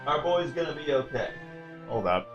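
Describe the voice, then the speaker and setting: A man's voice: fairly high pitch, very animated, normal speed, lo-fi sound, over music. A man streaming himself reading a story game aloud, breaking in with joking, self-deprecating asides to his chat.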